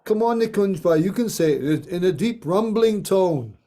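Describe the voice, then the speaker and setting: A man leading a group reading of a scripture story, telling it slowly with playful asides. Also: sits high, expressive, warm tone.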